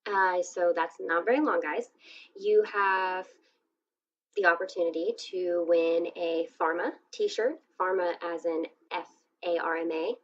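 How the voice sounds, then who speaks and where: A woman's voice: lowish voice, steady tone, a little slow. A woman podcast host wrapping up the episode on her own, talking loosely with lots of fillers. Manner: loose, casual, filler-heavy. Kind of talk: solo podcast outro. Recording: dull, lo-fi audio.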